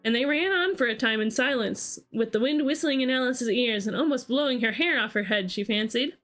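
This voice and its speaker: A woman streamer narrating a storybook aloud in a steady, storytelling manner, with small restarts. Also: fairly high pitch, brisk, soft background music. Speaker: streamer reading a book aloud.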